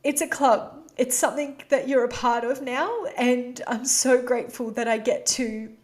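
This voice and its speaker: A woman with a fairly high-pitched voice hosts her own podcast and speaks openly and from the heart. Her talk is casual and confessional, full of "you know" and "like". Her voice carries strong emotion as she shares something personal. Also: moderate pace, a little mellow. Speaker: podcast host.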